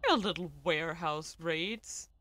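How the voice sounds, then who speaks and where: Brief: smug needling newspaperman, bright voice, a woman reading him. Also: low-pitched, measured pace, slight background noise. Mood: sly. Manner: taunting, sarcastic. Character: cocky male journalist, needling and bold.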